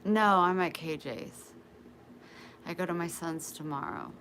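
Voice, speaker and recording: Middle aged lady going live on her phone, deep-ish voice, slow and chatty, lots of room noise. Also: fairly bright tone. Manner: chatty, greets viewers by name. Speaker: livestream host. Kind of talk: casual live-stream chat. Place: living room in a home, indoors. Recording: noisy home livestream.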